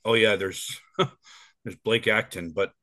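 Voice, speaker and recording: A man's voice: fairly low pitch, steady tone, a little slow, bright, forceful tone, no room sound. A man in his forties co-hosting a casual podcast, rambling with plenty of ums and restarts. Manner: rambling, with many fillers and restarts. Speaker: podcast co-host.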